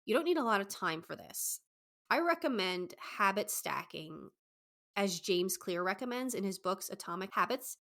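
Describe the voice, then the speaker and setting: A young woman, a dating coach, giving advice on her podcast in a fast, excited, enthusiastic way. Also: mid-range voice. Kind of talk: solo podcast advice talk.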